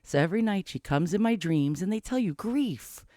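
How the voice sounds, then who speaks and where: A middle-aged man rambling anxiously to camera in a casual confessional vlog, cursing often and cracking dark jokes. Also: high-pitched, lively intonation, normal speed, no echo, clean studio sound. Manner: rambling, profane, darkly joking. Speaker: vlogger.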